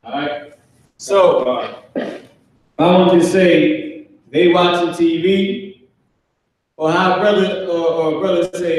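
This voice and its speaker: A man teaching a live online language class, talking casually with slang and spelling out words slowly for students. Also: a little high, far from the mic. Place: classroom with a board. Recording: echoey room, off-mic.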